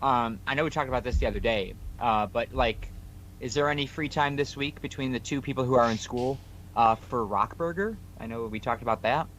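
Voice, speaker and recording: A man's voice: mid-range voice, brisk, fairly bright tone, a little hiss or hum. A man co-hosting a podcast, casually retelling a story full of quoted dialogue. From New York. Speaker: podcast co-host.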